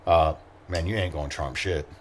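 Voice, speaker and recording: A man's voice: a bass voice, normal speed, slight background noise. A man running a tabletop game as its game master, laid-back and swearing freely. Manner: laid-back, swears freely, reads setup in a flat briefing tone.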